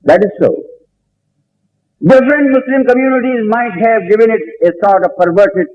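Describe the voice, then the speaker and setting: A man's voice: very high voice, slight background noise. An older Islamic scholar delivering an earnest, emphatic religious lecture, retelling a debate in which he has to restart some sentences. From South Asia. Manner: earnest, emphatic, recounts dialogue with pauses and restarts. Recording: dull lo-fi 1970s lecture tape.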